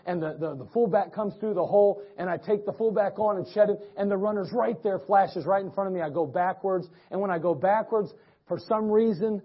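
A male preacher tells a story from the pulpit in a loose, folksy way, often restarting his sentences. His voice sits fairly high and sounds husky. The church recording is dull and lo-fi. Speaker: pastor. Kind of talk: sermon with personal story. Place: church sanctuary.

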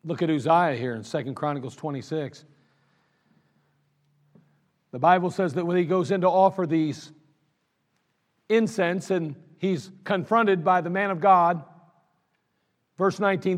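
A male pastor preaching a sermon, swinging between loud exhortation and low, intimate talk. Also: a little slow, pauses often.

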